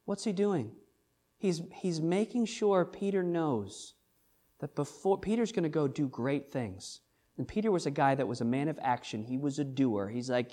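A man's voice: fairly high pitch, expressive, moderate pace, mellow. A man, a pastor, preaching a sermon in a church, earnest and emphatic, repeating phrases and asking rhetorical questions.

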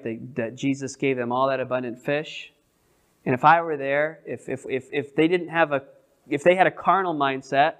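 A man's voice: fairly high pitch, a bit bright. A male pastor leading an evening Bible study, asking his group questions and often restarting his sentences. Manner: conversational, asks the group questions; halting restarts, many repeated words.

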